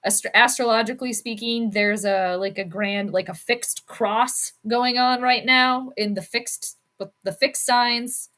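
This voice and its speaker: A woman with a slightly high, steady voice hosts an easygoing livestream on sports and astrology. She talks in an unhurried way with few pauses, sounding bright and forceful, and giggles and uses many fillers while responding to viewers.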